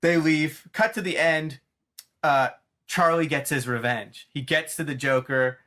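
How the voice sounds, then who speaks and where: A man in his thirties hosts a casual chat and retells a cartoon episode with animated, rambling excitement. His voice is bright and forceful. It sits a little high for a man. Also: unhurried.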